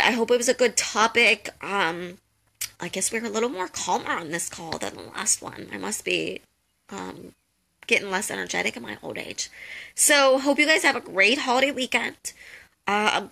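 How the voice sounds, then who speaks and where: A woman's voice: on the high side, vocal fry, pushed and bright. A young woman giving casual advice on a live call, chatty and jokey, full of "um" and "like". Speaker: host of a social media tips call.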